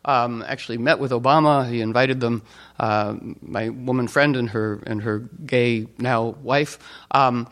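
A man's voice: medium pitch, steady tone, unhurried, a bit bright. A man giving an informal talk, rambling with fillers and restarts, and playfully telling anecdotes in which he acts out the people he quotes. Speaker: speaker.

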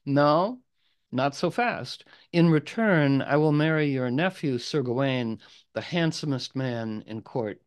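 A man storyteller voicing an enchanted old woman who bargains boldly, in a raised, louder voice. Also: medium pitch, expressive, slow pace, smooth. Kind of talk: oral storytelling.

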